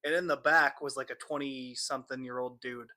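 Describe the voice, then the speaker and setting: A young man co-hosting a podcast, telling funny stories in a casual, animated way and acting out the people he quotes. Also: medium pitch, a little fast. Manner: animated, acts out quotes with laughter. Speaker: podcast co-host. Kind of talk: casual storytelling chat.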